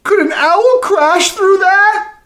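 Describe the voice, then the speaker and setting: A man's voice: very high voice, takes it slowly, fairly bright tone, voice pushed up, heavily acted. A man doing a worried little boy's voice. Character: anxious little boy, wide-eyed and insistent.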